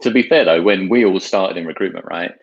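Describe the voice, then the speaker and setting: A man co-hosts a casual online chat show, talking fast in loose, rambling runs full of kinda and you know. His voice sits on the low side, and it comes through a dull, lo-fi line. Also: crowd noise. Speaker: co-host. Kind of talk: casual video-call chat.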